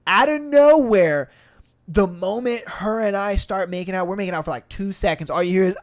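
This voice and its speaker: Guy on a podcast telling a wild story, voice on the high side, does everyone's lines, swears plenty. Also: brisk. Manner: animated, acts out quotes with shifting pitch and volume, laughs and swears often. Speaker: podcast host. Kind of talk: casual storytelling.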